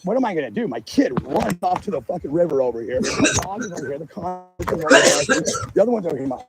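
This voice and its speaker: A property owner makes an agitated public statement on an outdoor livestream, filming himself on a handheld phone as he walks his rural land. He talks fast in a fairly high, sing-song voice, rambling heatedly, swearing, and frequently starting over, with loud noise around him.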